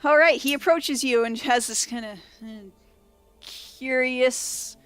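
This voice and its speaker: A woman's voice: high voice, slow, a bit bright, clear, resonant tone, faint music behind. A woman narrating as game master of a tabletop game, chatty and self-deprecating.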